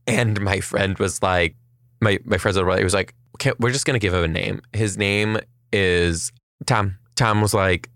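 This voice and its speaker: A man casually telling a story on a chat podcast, animated and fast, swearing and acting out the people in it. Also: fairly low pitch, dry recording, studio quality.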